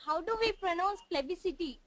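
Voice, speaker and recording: Very high-voiced woman trainee. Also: animated, normal speed. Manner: polite, quiet, hesitant. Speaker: trainee asking a question.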